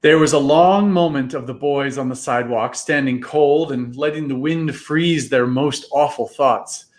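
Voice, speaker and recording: A man reading a storybook aloud in a live reading, with an expressive, dramatic delivery. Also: medium pitch, unhurried.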